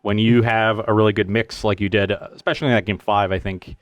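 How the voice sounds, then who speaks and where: A man co-hosting a casual chat, talking in a measured, thoughtful, hesitant way. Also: on the low side, fairly even intonation, dry recording, dull audio. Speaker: co-host. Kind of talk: casual post-match chat.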